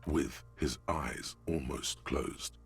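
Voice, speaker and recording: A man voicing a grim game narrator in a gravelly, measured voice. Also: extremely low pitch, faint music behind, heavily acted.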